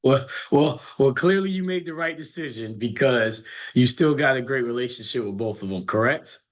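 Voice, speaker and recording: A man's voice: medium pitch, normal speed. A middle-aged man, a college basketball coach, telling stories in an earnest, motivational way in casual chat.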